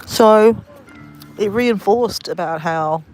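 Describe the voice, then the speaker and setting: A woman's voice: medium pitch, takes it slowly, a little mellow, soft background music. A woman vlogging a story casually on a livestream, rambling and correcting herself as she goes, outdoors on a phone. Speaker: travel vlogger. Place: outdoors at a beach at sunset.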